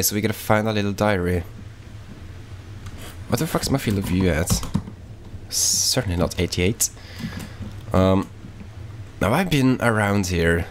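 A man's voice: on the low side, a little hiss or hum. A man giving casual, rambling let's-play commentary, swearing freely and talking offhandedly as he plays. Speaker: gaming YouTuber.

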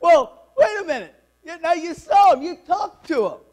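A preacher acting out stunned old Jacob. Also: male voice, extremely high pitch, sing-song, unhurried, a little mellow, heavily acted. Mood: incredulous. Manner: incredulous questioning. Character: aging patriarch Jacob, stunned and eager.

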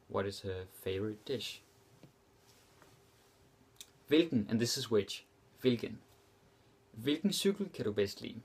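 A young man teaching a language lesson, repeating example phrases slowly and explaining them casually. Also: on the low side, expressive, breathy edge.

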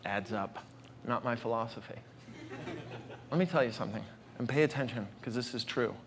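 A man from Boston doing a stand-up comedy set on a stage mic, full of stammering restarts, mock indignation and slow, deliberate punchlines. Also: mid-range voice, a little hiss or hum. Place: comedy stage before a live audience. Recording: live stage mic with crowd laughter.

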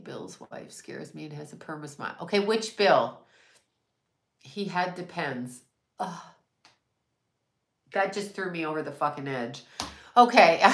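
Blunt, bright-voiced woman psychic. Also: medium pitch, roomy sound. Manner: blunt, profane, rambling, laughs often. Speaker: psychic medium. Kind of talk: casual channeling monologue.

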